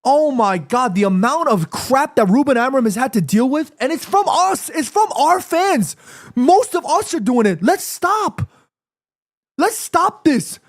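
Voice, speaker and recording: A man with a high voice rants to his live chat after a match. He swears freely, talks straight at his viewers, and keeps coming back to the same complaint. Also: animated, normal speed. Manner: heated, ranting, profane, addresses chat directly. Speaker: football watchalong streamer. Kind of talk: live fan reaction stream.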